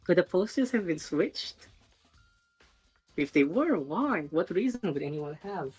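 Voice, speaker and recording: A woman's voice: fairly low pitch, sing-song, unhurried, darkish tone, slightly rough, faint music behind, voice pushed down, exaggerated voice. Makoto, an earnest boy read by a woman. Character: teenage boy detective, earnest and polite. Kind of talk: reading game dialogue aloud.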